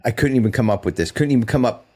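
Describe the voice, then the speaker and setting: Earnest middle-aged man, mid-pitched voice. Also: very fast, mellow, husky. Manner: earnest, restarts, laughs easily. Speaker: podcast guest. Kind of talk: casual chat.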